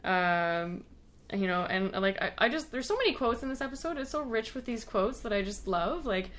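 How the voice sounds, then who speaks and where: A woman's voice: fairly high pitch, expressive, moderate pace, a bit bright, slight background noise. A woman, a guest on a podcast, chatting casually as the resident show expert with a rambling flow full of fillers.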